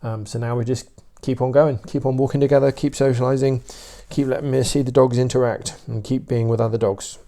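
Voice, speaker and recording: A British man, a dog trainer, explaining his views in a steady, opinionated casual talk with many fillers. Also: mid-range voice, fairly quick, few pauses.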